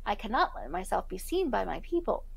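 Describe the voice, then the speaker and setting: A woman voicing an ill-tempered little male dwarf with a shrill, scolding manner. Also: lively intonation, moderate pace. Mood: outraged.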